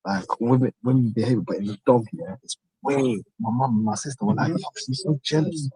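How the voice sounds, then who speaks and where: A man's voice: lowish voice, brisk, mellow, husky, dry recording, low-quality recording. A man hosting a live stream, telling stories in a laid-back chatty way with London slang. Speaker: channel host. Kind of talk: casual chat on a live stream.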